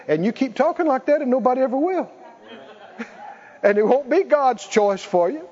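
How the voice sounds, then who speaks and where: With long pauses and a slightly slow pace, a pastor's very high, expressive voice comes across a little mellow with a breathy edge. He draws call-and-response from the congregation and laughs between points of his sermon, captured in a muffled church recording with a long reverb tail.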